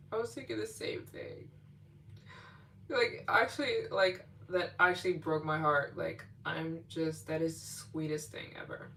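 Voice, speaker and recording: A woman's voice: low voice, sing-song, unhurried, vocal fry, bright, forceful tone. Gushing woman livestreaming, distant mic. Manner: gushing, emotional thanks to donors. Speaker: livestream host. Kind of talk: casual livestream chat. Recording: distant mic with faint hum.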